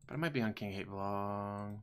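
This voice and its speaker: A man with a bright, clear, crisp voice hosts a casual livestream. He talks with profane, sarcastic mockery. He mixes quick asides in among his comments on videos. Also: on the low side. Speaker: stream host.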